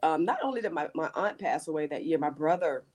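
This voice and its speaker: A woman's voice: deep voice, expressive, fairly quick, darkish tone. A middle-aged woman pastor giving her testimony in a talk show conversation, earnest, often restarting and repeating her words. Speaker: pastor, guest.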